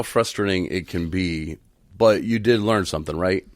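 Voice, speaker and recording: A man's voice: low voice, normal speed, no echo. A man hosting a recovery podcast in casual chat, easygoing and laughing often. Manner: easygoing, laughs often, acts out others' lines. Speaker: podcast host.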